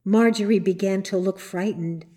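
A woman narrating a storybook in a measured, unhurried reading voice. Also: medium pitch, warm tone.

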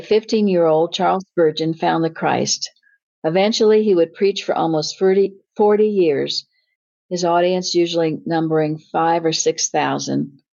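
A woman's voice: fairly low pitch, darkish tone. A woman giving an earnest, informal Bible teaching, often restarting her words. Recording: slightly dull lo-fi recording.

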